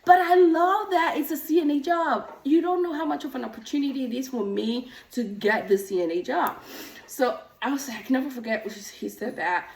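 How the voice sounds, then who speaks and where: A middle-aged woman, a nurse practitioner and coach, telling stories in a casual vlog, animated and a little out of breath from pedaling an exercise bike. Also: sits high, brisk. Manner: animated storytelling, acts out quoted voices. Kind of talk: casual talking-head vlog. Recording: echoey room, mic at a distance.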